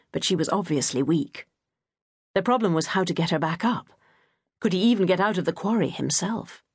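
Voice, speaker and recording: Husky low-voiced woman narrating. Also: no echo, studio quality. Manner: gentle, measured storytelling. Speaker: audiobook narrator. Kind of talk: scripted narration.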